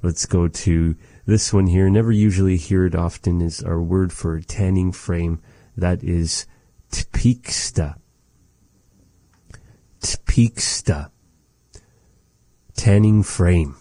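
Slow, deep-voiced man teaching vocabulary. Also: steady tone, mellow, no room sound. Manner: slow, patient, repeats each word, folksy asides. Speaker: language teacher. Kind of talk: slow vocabulary lesson with repeated words.

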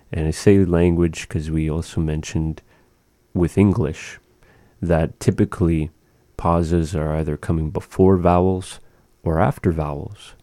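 A man's voice: low voice, mellow, no room sound. A man teaching a language lesson, speaking patiently and repeating words for practice.

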